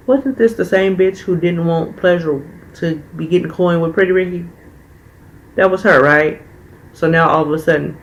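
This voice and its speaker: A man's voice: fairly high pitch, a little hiss or hum, rough recording. A man reviewing a reality TV episode in a casual, blunt and profane way, heated in his opinions. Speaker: TV show reviewer.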